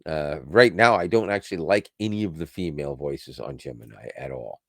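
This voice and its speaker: A man's voice: extremely low pitch, fairly quick, fairly bright tone, dry recording. A man co-hosting a podcast, chatting casually about tech, rambling and correcting himself as he goes and laughing often. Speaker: podcast co-host.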